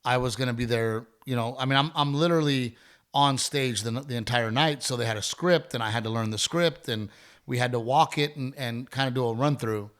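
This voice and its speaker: A middle-aged man tells a story on his podcast, loose and profane, stumbling over restarts as he goes. His voice sits at an ordinary middle pitch. He talks into a studio mic in a casual chat. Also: brisk, clean tone. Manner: profane, rambling, animated storyteller with many restarts. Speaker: podcast host.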